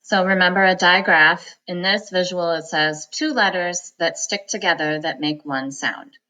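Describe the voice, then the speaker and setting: This is a woman giving a phonics lesson, pitched a little low yet bright and crisp. She talks her students through each word, splitting it into syllables and sounding each one out with deliberate care. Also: low-quality recording. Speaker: reading teacher.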